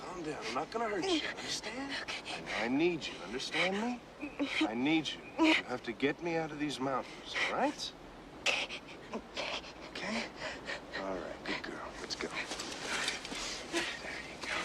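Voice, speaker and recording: A man's voice: high-pitched, very noisy. An actor playing a ruthless male fugitive who gives clipped, commanding orders, recorded as a film soundtrack. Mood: menacing. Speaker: villain posing as a hiking client. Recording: film soundtrack with loud score.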